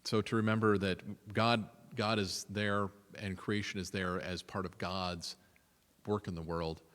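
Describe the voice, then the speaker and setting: A man's voice: sits low, flat delivery, a little slow, fairly bright tone. Man leading a church class, reverberant hall. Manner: chatty, asks the group questions, reads scripture aloud. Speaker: adult forum leader at a church. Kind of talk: conversational church adult-education talk. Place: church meeting room.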